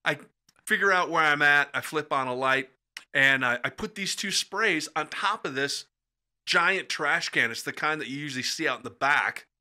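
A middle-aged man tells stories on a podcast with lively, acted-out dialogue. His voice is very bright and edgy and sits a little high. He swings his pitch and loudness whenever he slips into the people he quotes. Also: normal speed. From Midwestern United States. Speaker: storyteller guest. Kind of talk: animated storytelling chat. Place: podcast studio.

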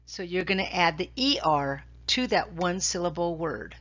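A woman's voice: on the low side, lively intonation, fairly bright tone, lo-fi sound. A woman teacher talking through grammar slides in a recorded lesson, patient and repetitive, checking in with "okay?". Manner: slow, patient, repeats key points with "okay?".

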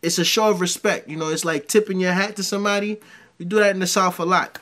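A man's voice: high-pitched, fast talker. A middle-aged man, giving casual reaction commentary and telling stories in heavy slang. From New York. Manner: slangy, animated storytelling.

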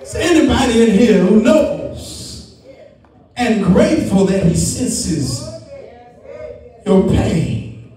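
A male preacher's very high, mellow voice rings out over soft organ music, sliding between speech, song and shouts as he preaches. The mic sits well back, so the sound carries the long echo of a church hall. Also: animated, slow pace, pauses often, far from the mic. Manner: preaching with sung, shouted lines and rising refrains. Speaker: guest preacher. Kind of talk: sermon. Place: church sanctuary.

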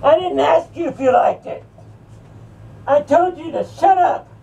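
A woman's voice: high voice, a little slow, gravelly, mellow, lo-fi sound. Woman doing a drunk scornful preacher. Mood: mocking. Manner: taunting, rowdy, slurring drunk bragging. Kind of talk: comic rant to camera. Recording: distant mic with faint music.

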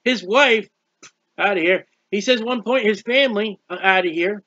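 A man's voice: sits high, moderate pace, no room sound, dull audio. A man preaching a sermon, reading scripture aloud and explaining it, drawing out words for emphasis. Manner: expressive Bible reading with commentary, stretches words.

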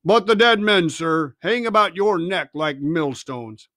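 A man voicing an indignant gentleman squire who rebukes a villain slowly and sternly, in a storybook reading. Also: on the high side, dry recording, studio quality.

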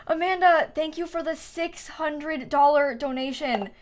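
A woman live-streaming a life-sim game, chatting casually, thinking aloud as she builds and thanking viewers by name with frequent giggles. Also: high voice.

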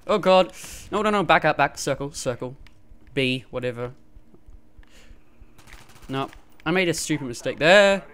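A man giving live gameplay commentary through a gaming headset, excitable and quick to yelp and laugh in fights. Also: a little high, clear, resonant tone. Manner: excitable, frequent yelps and laughs during fights. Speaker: gamer.

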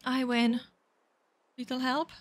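A brash young boy brags about winning a race, read by a woman in her own slightly high voice. He speaks at an unhurried pace. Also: little pitch movement, no echo. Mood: boastful.

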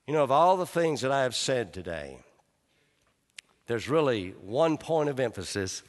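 A man preaching a sermon as pastor, fervent and rising, then dropping to a hushed, slow intimacy. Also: mid-range voice, sing-song. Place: large church sanctuary. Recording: live church hall reverb.

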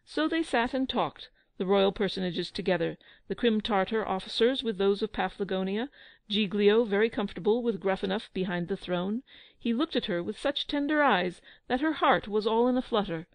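A woman narrating a children's audiobook with measured, expressive storytelling. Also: medium pitch, no echo.

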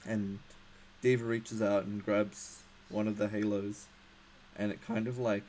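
A man's voice: fairly low pitch, little pitch movement, a little slow, a little mellow, a little hiss or hum, poor audio. A man narrating as game master for a tabletop game, hesitant and full of fillers and restarts.

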